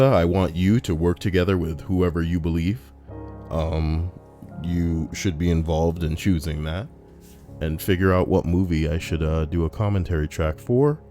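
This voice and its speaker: A young man casually reading a list aloud on a live stream and chatting with viewers, animated and prone to ranting in put-on voices. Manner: animated, breaks into high-pitched put-on voices and rants. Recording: soft music underneath. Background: soft background music.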